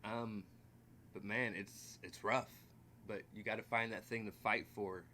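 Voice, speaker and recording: Bright-voiced man giving a candid reaction. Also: lowish voice, steady tone, moderate pace, a little hiss or hum. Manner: candid, loose and swears casually. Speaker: reaction video host. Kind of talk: casual reaction commentary.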